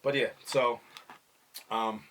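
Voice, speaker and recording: Animated middle-aged man, casual chat. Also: medium pitch, slow, a little hiss or hum. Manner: animated, acts out quoted voices, many "like" and "you know what I mean". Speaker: podcast host talking with his son.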